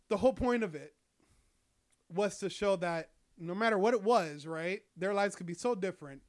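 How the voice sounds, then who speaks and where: Young guy, slightly higher voice, casual profane storyteller. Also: normal speed. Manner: rambling, profane, lots of fillers. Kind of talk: casual chat.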